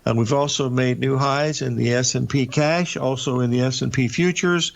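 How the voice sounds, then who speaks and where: An older man with a medium-pitched, creaky voice and fairly even intonation hosts a live market show at a moderate pace. He rambles through charts in a folksy way, full of filler uhs and restarts, over dull lo-fi broadcast audio.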